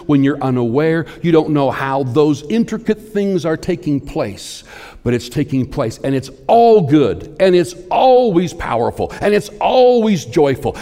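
Male preacher, mid-pitched voice, long hall reverb, rises to forceful peaks and drops to hushed lines. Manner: swings between forceful emphasis and hushed near-whispers; repetitive, building preaching cadence. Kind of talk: sermon.

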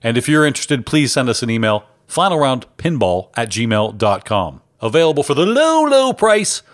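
A man's voice: medium pitch, sing-song, moderate pace. A man co-hosting a pinball podcast's mock awards show with a playful salesman tone. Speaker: podcast co-host.

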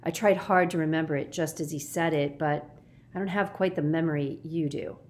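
Woman voicing brisk bold girl Kate. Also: deep voice, steady tone, lightly acted. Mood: matter-of-fact. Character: tough bold girl, Kate, cold and soaked.

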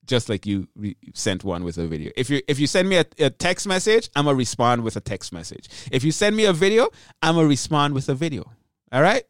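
Guy doing a solo podcast, chatty and all over the place, smooth clear voice, kinda high, dry close sound. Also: brisk, no echo. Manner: energetic, rambling, self-interrupting. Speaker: podcast host.

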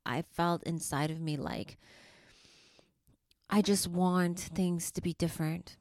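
A woman hosting a spiritual podcast for mothers, speaking softly and affectionately and sometimes dropping to a whisper. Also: fairly low pitch, steady tone, slow, dry recording, studio quality. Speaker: podcast host and life coach. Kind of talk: slow, soothing spiritual podcast talk.

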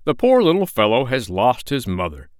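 A man's voice: medium pitch, wildly swooping pitch, moderate pace, no room sound, studio quality. A man voicing a kindly zoo keeper in a storybook, plain and coaxing. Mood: matter-of-fact.

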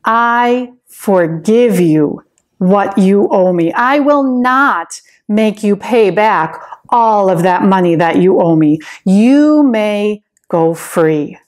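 A woman's voice: medium pitch, lively intonation, a little mellow. A woman voicing a king who gives orders and pardons a debt in a children's Bible story. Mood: merciful. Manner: commanding, measured. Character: stern king, later merciful.

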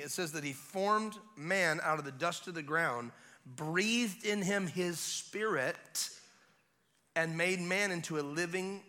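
A man preaching a revival sermon as guest preacher, retelling a scene in an animated way with casual asides. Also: on the high side. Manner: animated storytelling, acting out scenes; conversational asides.

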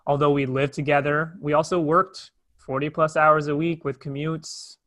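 A man's voice: on the high side, moderate pace. A young adult man telling a personal story in a candid, conversational way. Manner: candid, conversational, animated retelling. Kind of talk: storytelling talk.

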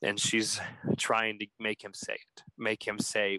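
A man's voice: fairly low pitch, a little slow, hardly any pauses, dry recording, low-quality recording. A man hosting a podcast, telling a story casually and acting out the quoted text messages. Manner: animated, acts out quoted texts. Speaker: podcast host.

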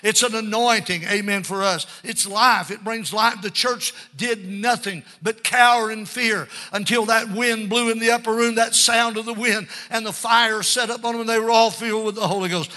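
A man in his sixties preaching a fervent sermon, his voice pitched high and strikingly bright. He calls out amen between lines, sings some phrases and rises to shouts. He is heard in a church sanctuary. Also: steady tone, moderate pace, few pauses. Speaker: pastor.

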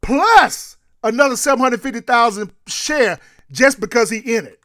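A man co-hosting a sports radio show, talking in an animated, emphatic, slangy way. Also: extremely high pitch, normal speed, no echo, studio quality. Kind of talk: casual sports talk.

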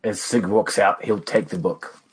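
Very deep-voiced woman, blunt and dry. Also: steady tone, measured pace, very noisy. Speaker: player. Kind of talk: playing a character in a tabletop game.

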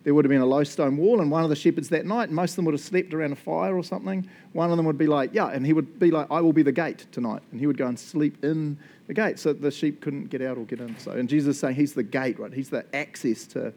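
A man's voice: a little high, quick pace, few pauses, darkish tone. A man, preaching as a pastor, praying and then teaching in an earnest, enthusiastic way with frequent laughs. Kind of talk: sermon with spoken prayer.

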